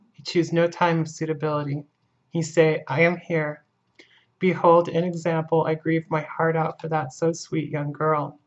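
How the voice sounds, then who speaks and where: A woman reading the part of an older Dutch male professor, speaking earnestly in broken English in a lyrical, grieving monologue. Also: deep voice. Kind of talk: audiobook reading. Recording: dull lo-fi recording.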